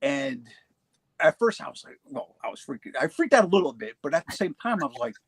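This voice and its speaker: A man in his forties casually telling his own ghost encounters, halting and restarting often, laughing easily. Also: a little high, very animated, slightly rough, no echo. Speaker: paranormal show guest telling his experiences. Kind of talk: casual storytelling.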